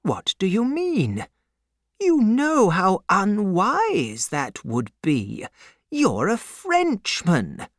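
A man's voice: high voice, wildly swooping pitch, very slow, dry recording, studio quality, voice pushed up, exaggerated voice. A man playing an earnest banker near eighty. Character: elderly English banker, nearly eighty, earnest.

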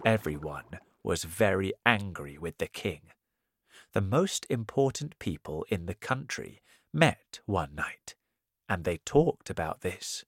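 A man reading a simple story aloud in a slow, clear storytelling manner. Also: sits low, animated, no room sound, clean studio sound. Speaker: narrator. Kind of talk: scripted story narration.

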